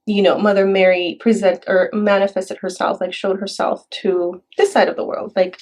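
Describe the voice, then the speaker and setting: A woman from Mexico, chatting casually and softly, with many fillers. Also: mid-range voice, flat delivery, normal speed, rough recording. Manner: soft-spoken, with fillers and Spanish phrases. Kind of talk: casual chat.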